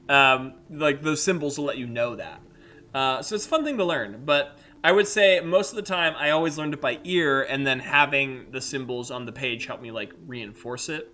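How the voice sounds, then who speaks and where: Bright-voiced voice actor riffing casually. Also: male voice, mid-range voice, normal speed, a little hiss or hum. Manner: rambling, animated, many fillers. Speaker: host and voice actor. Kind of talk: casual livestream chat.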